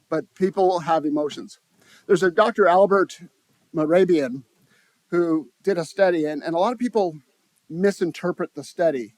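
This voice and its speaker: A man speaking to a conference audience in a slightly high voice. He talks conversationally, restarts his phrases and puts questions to the listeners. The sound is dry and close. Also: normal speed, darkish tone, no room sound. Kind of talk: live conference talk to an audience. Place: conference room.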